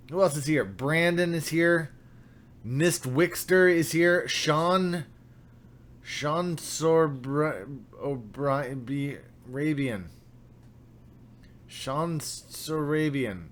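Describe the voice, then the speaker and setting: A man's voice: fairly high pitch, a bit bright. A young man hosting a casual livestream, upbeat and chatty, greeting viewers by name. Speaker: livestream host.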